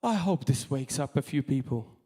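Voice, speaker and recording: A man preaching a sermon as pastor, in impassioned bursts that drop to quiet asides. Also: medium pitch, expressive, normal speed, slightly rough. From Malta. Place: church hall. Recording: long hall reverb.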